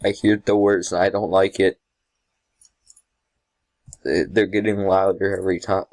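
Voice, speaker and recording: Jumpy gamer man, slow and dry. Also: low voice, level tone, darkish tone, dry recording. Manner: jumpy, talks to himself, yelps and laughs. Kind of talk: casual gameplay commentary.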